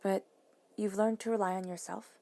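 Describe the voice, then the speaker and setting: A woman giving a tarot reading, talking soothingly and dropping now and then to soft whispers. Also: medium pitch, steady tone, moderate pace, creaky. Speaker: tarot reader.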